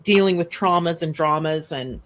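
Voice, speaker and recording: Middle-aged woman, low-pitched voice, astrology show host, casual chat, animated storytelling. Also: moderate pace. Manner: animated storyteller who acts out quoted speech.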